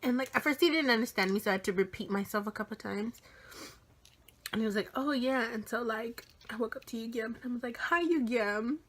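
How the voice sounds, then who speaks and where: Young woman vlogger, 18, excited storytelling with heavy swearing and whispered asides. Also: a little high, fast talker. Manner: animated, swears a lot, drops into whispers. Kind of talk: casual storytime vlog.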